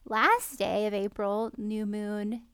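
A woman's voice: medium pitch, steady tone, slow, a bit bright, clear, resonant tone, no room sound, studio quality. A woman co-hosting a spiritual podcast, cheerfully explaining moon phases and reading from her own planner. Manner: upbeat, explanatory, reads aloud from her own writing. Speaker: podcast co-host, author of a planner. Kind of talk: casual spiritual chat.

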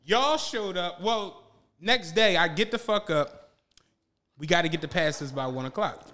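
A man co-hosting a podcast who tells a long story in casual chat, profane and animated, laughing often and acting out what people said. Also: high voice, a little slow. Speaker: podcast co-host.

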